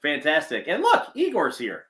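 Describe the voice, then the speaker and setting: A man's voice: a little high, wildly swooping pitch, moderate pace, sharp tone. A man co-hosting a casual sports podcast, joking and laughing as he banters about food and football. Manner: joking, laughing often, playful rants. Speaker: podcast co-host.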